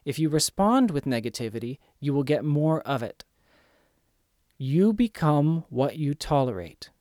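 A man's voice: fairly high pitch, sing-song, unhurried, dark tone, no room sound, clean studio sound. A man giving earnest, emphatic self-help instruction in a coaching tone. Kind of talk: motivational instruction.

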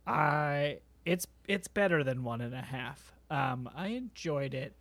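A man's voice: on the high side, animated, slow, a bit bright. A man co-hosting a podcast, giving a hesitant, self-deprecating movie review in casual chat. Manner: hesitant, self-deprecating, chuckles between phrases. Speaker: podcast co-host.

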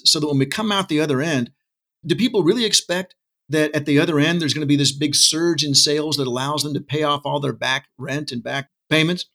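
A man's voice: on the high side, a bit bright. A middle-aged man talking with passion as an interview guest, arguing his case with asides and rhetorical questions. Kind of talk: casual interview talk. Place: Texas.

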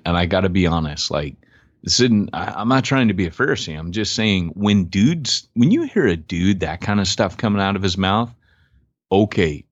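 A man co-hosting a podcast in casual chat, animated and joking, often correcting himself. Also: deep voice, no echo, lo-fi sound. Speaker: podcast co-host.

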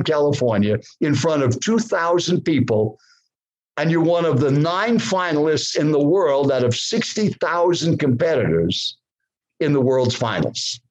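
A man's voice: fairly high pitch, husky, poor audio. A man in his seventies, a podcast guest, telling his story dramatically and putting questions straight to the host and the listener. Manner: animated, addresses the host directly, poses questions to the listener. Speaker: guest speaker.

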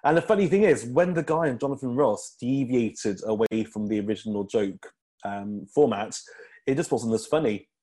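A man's voice: medium pitch, expressive, moderate pace, mellow. A man, a comedian chatting as a podcast guest, rambling with lots of ums and restarts. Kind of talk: casual interview chat.

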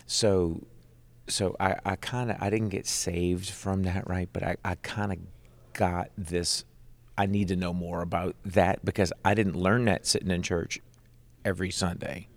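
A middle-aged man, a Christian rock musician, telling his personal testimony in an animated, conversational way. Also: low-pitched, unhurried, no echo. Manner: animated, conversational, leans on "right?".

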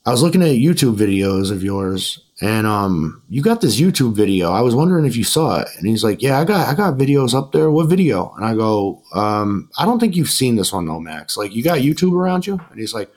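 Podcast host guy just talking, rambly and casual, lots of "like" and restarts, gets animated doing other people's lines. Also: on the low side, fairly quick, hardly any pauses. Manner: rambling, many restarts and fillers; animated when quoting others. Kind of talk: casual storytelling chat.

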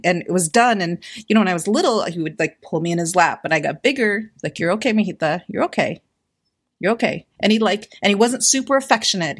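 Woman sharing a story in a group talk, candid, acts out the quotes. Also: medium pitch. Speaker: discussion participant. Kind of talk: reflective conversation.

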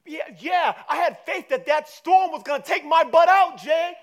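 A frantic disciple shouts in panic above a storm, as a preacher puts him on, his voice jumping very high and loud. He talks in quick, breathless slang. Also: animated. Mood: panicked.

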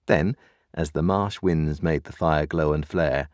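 A man reading a classic novel aloud as audiobook narrator in measured, expressive storytelling. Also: a bass voice, dry recording, studio quality. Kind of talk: scripted narration.

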